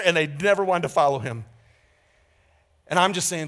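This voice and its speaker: Male pastor, sermon, lively swooping delivery, bright tone, candid, emphatic, loud-to-hushed swings. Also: on the high side, moderate pace. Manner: candid, conversational preaching.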